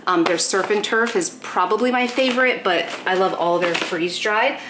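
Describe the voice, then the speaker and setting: A woman's voice: medium pitch, normal speed, background noise. Chatty woman explaining her dog routine. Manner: chatty, explains as she works, baby-talks her dogs. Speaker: pet vlogger. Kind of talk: casual vlog talk while doing chores. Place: home with dogs.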